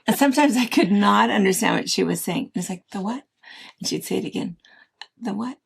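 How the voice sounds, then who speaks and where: Gravelly, husky woman chatting casually. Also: medium pitch, animated, fast. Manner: chatty, rambling, warm storytelling with restarts. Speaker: co-host of a quilting shop chat show. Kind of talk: casual chat.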